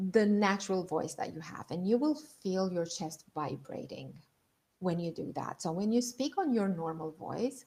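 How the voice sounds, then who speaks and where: Her voice on the low side, a woman coaching leadership in an online masterclass calmly leads listeners through breathing exercises. She repeats her points as she goes.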